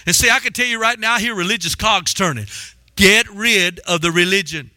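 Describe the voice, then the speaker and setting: High, bright-voiced man preaching. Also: a little fast, dry recording. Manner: emphatic, repetitive, call-and-response preaching. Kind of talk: sermon.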